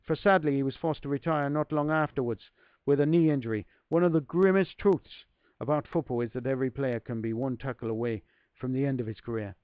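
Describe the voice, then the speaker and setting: A man's voice: medium pitch, fairly quick, clear, resonant tone, no room sound, narrow, tinny audio, natural voice. A man putting on a shaky Southern Irish accent to voice an earnest, lamenting male football manager. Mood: rueful. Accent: attempted Southern Irish. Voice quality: admittedly poor put-on accent.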